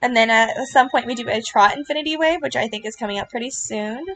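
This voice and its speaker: A woman giving casual reaction commentary on a video, gushing and earnest, with lots of fillers and quick apologies. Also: a little high, fairly bright tone, soft background music. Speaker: vlogger reacting to her club's riding routine.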